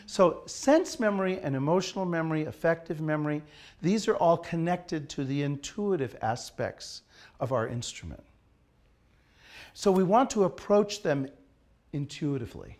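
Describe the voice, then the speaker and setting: A man's voice: on the high side, lively intonation, a little slow, a little mellow. A man teaching an acting class in a studio, asking his students questions and leading them through an exercise. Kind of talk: classroom lecture.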